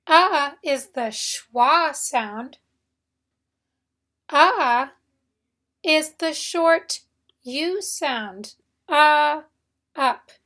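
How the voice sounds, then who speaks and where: Slow, bright-voiced woman teaching phonics. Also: high voice. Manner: stretches out sounds and repeats words for learners to echo. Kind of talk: slow, deliberate phonics lesson.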